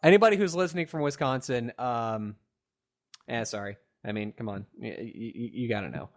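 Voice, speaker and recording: A young man hosting a casual podcast, animated and laughing, with lots of fillers. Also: mid-range voice, brisk. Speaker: podcast host. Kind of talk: casual chat.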